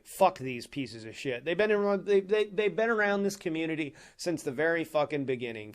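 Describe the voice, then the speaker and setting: A man hosting a livestream from his apartment home office, ranting heatedly and swearing constantly into a desk microphone. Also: medium pitch. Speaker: livestream host. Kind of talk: angry livestream rant.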